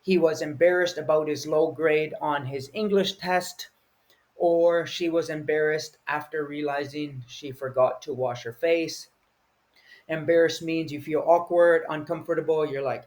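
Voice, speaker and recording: A man's voice: on the high side, fairly even intonation, a little slow, a little mellow. A man teaching English vocabulary, explaining each word patiently and acting out short example feelings.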